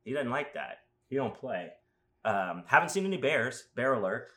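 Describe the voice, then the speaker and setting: A man chatting casually as a podcast host, telling rambling stories with crude jokes and animated asides. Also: medium pitch, moderate pace. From Las Vegas. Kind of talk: casual chat.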